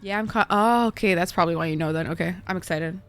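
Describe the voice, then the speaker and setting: A young woman streamer chatting casually with viewers, excitable and swearing, laughing often. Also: on the low side, fast, faint music behind. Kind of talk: casual gaming stream chat.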